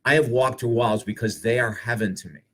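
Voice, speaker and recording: A man who is an author and speaker, telling spiritual stories to live viewers in an earnest, animated way, full of rhetorical questions. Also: mid-range voice, brisk.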